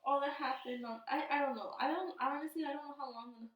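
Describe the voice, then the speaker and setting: A woman's voice: high voice, recorded from a distance. Chatty young woman in an echoey room. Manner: chatty, quick asides, often laughing. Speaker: podcast co-host. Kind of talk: casual chat.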